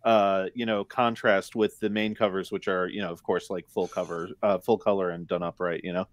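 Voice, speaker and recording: A man's voice: low-pitched, little pitch movement, normal speed, no room sound. Laid-back man in casual chat, dry sound.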